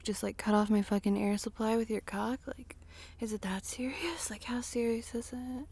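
A woman in a whispered intimate monologue, breathy and sighing, speaking slowly and lingering, recorded in a small closet. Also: fairly high pitch, fairly even intonation, no echo. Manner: breathy, sighing, slow and lingering, with soft laughs. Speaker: adult audio creator.

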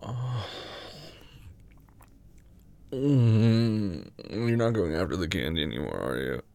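A young man speaking slowly and closely in an intimate audio role-play. His gravelly, mellow voice stays hushed, often slipping into a breathy whisper. The recording is dry and close, with no room around it. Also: low-pitched, animated, dry recording. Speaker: adult audio performer.

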